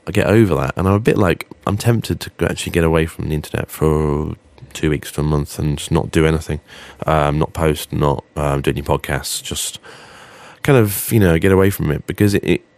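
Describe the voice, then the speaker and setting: A man's voice: low-pitched, darkish tone, no echo. A man hosting a casual solo podcast, rambling and hesitant with frequent ums, then turning blunt and sweary. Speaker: podcast host.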